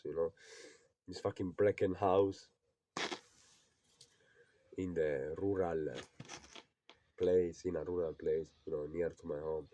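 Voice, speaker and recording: A man's voice: low voice, dark tone, lo-fi sound. A young man ranting to the camera at home in an old rural house, agitated, swearing often and repeating himself. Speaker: vlogger. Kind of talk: frustrated personal rant to camera.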